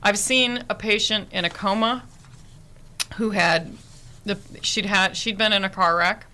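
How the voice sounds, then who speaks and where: A woman's voice: mid-range voice, steady tone, a little slow, pushed and bright. A woman nurse and therapy dog handler telling heartfelt stories in a radio interview, earnest and vivid.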